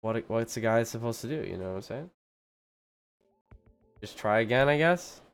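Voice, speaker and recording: A man's voice: mid-range voice, lively intonation, moderate pace, clear, resonant tone. A man streaming a game live, complaining in an exasperated, dramatic way and laughing a lot at his own troubles. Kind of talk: casual live gameplay commentary.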